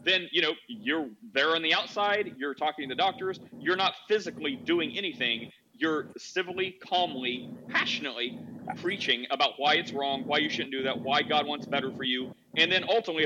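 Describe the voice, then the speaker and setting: A man's voice: on the high side, muffled recording, noisy background. A man hosting a casual Christian discussion podcast, talking earnestly and acting out the voices of people in his examples. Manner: earnest, acts out quoted voices. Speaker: podcast host.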